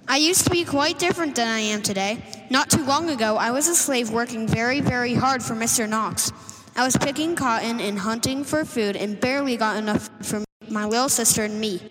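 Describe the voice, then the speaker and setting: Woman, higher voice, earnest read-aloud book report, long reverb behind her. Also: normal speed, noisy background. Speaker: student giving a book report in character.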